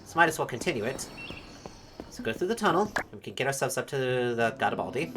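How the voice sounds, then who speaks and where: A woman's voice: very deep voice, very animated, fast. A woman commentating a let's play in a chatty, self-mocking way, humming to herself as she plays. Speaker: game streamer.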